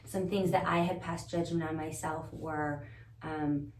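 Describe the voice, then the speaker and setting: A woman appearing as a podcast guest tells her story earnestly, searching for words and thinking aloud in a reflective, conversational way. Her low voice is steady, unhurried and a little mellow. They share an indoor room with the host, and the recording has roomy echo, a distant mic and faint noise.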